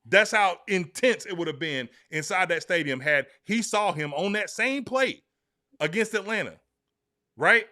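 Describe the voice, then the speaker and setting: A man co-hosting a sports podcast, talking emphatically and excitably to his co-host. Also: sits high, measured pace. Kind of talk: animated sports talk.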